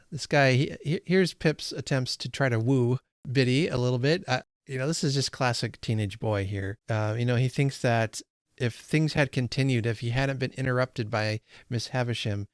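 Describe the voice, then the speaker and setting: A man's voice: medium pitch, moderate pace, clean tone, dry recording, clean studio sound. A man hosting a book read-along, talking casually about a novel with many fillers. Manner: conversational, frequent fillers and restarts. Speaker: book channel host.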